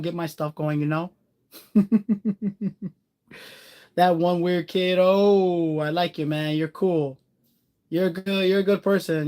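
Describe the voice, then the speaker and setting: Chatty man rambling to live viewers. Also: high voice. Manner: warm-hearted, encouraging. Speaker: live streamer. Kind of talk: casual live-stream chat.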